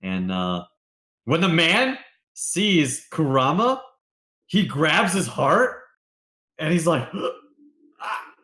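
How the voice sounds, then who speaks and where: A young man narrating a tabletop game as game master, loosely, with lots of fillers and quick character voices. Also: a little high, sing-song, pushed and bright, reverberant.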